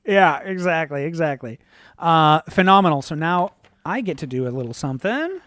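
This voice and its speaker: A game master narrating a tabletop game on a live stream, upbeat and relaxed, filling pauses with lots of "uh" and casual swearing. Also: medium pitch, no room sound.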